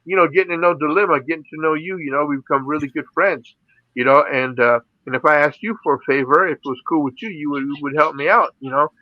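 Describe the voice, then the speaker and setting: A man's voice: a little high, fast, no room sound, narrow, tinny audio. A middle-aged man from the Philippines, an interview guest and radio DJ, telling his stories in a casual way, laughing often and saying "you know" a lot. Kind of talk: casual storytelling.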